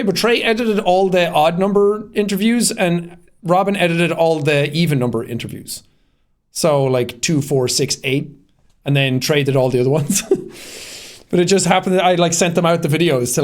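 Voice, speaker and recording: A man casually explaining how he made his short film, rambling with lots of fillers and frequent laughter. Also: fairly high pitch. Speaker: creator commenting on his own short film. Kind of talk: casual behind-the-scenes commentary.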